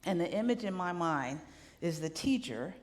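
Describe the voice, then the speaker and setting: A woman minister giving a lively, conversational sermon, often checking in with the congregation with a quick "right?". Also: lowish voice. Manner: animated, conversational preaching with rhetorical "right?" asides. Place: church sanctuary. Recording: long hall reverb.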